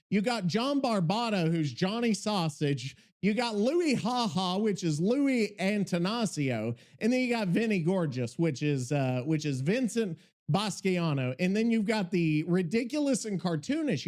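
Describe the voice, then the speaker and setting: A man hosting a podcast, talking in an excitable, rambling, profane way. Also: high-pitched. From Missouri. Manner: excitable, rambling, heavy swearing. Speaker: podcast host. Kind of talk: casual podcast chat.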